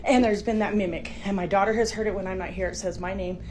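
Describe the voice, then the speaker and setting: A scared middle-aged woman walks through her house with a phone camera, sometimes whispering and sometimes crying out in alarm. Her voice sits in an ordinary middle range. A steady hiss runs under the phone recording. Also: mid-range voice, quick pace. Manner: jumps between hushed whispers and panicked exclamations. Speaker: mother filming her home. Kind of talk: frightened handheld home video narration. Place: inside a house, moving between rooms. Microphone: handheld phone camera.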